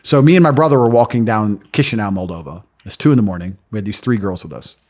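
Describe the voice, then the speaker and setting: A man's voice: fairly low pitch, fast talker, a little mellow. A man who is a podcast guest, boastfully telling stories in a brash, crude way and acting out other people's lines. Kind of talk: boastful storytelling in casual chat. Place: lives in London.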